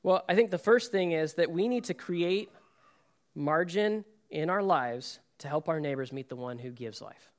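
A man giving a sermon as pastor, reading scripture and then speaking earnestly, dropping to soft, quiet phrases and building to emphatic points. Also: fairly high pitch, expressive, moderate pace.

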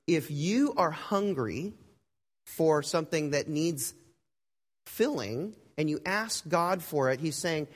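A male pastor telling a story in a sermon, in a conversational way, acting out the voices he quotes and swinging between loud and hushed. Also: a little high, animated, slow, breathy edge. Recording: long hall reverb.

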